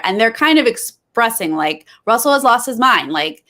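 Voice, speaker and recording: A woman's voice: a little high, sing-song, moderate pace, bright, forceful tone. A woman co-hosting a podcast, chatting casually through a recap with opinionated critiques. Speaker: podcast co-host.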